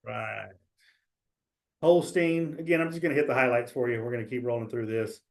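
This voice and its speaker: A man's voice: medium pitch, brisk, vocal fry. A man giving a casual exam prep webinar, talking loosely with fillers, restarts and small jokes. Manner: loose, chatty, joking, many fillers and restarts.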